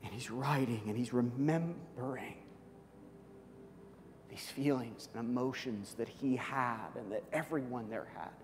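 A man preaching a sermon, dramatic, swinging from loud, high outbursts to soft, hushed passages. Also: a little slow, long reverb tail, slight background noise. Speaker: pastor.

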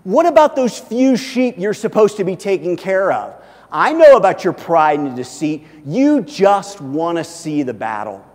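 A man's voice: high voice, sing-song, measured pace, a little mellow. A man reading out the scornful, scolding words of an angry older brother, heard in a long hall reverb.

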